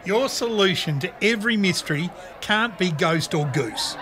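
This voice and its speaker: An actor playing the narrator Darren, telling the story in a dry, wry way. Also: male voice, sits high, expressive, normal speed, bright, forceful tone, some chatter behind.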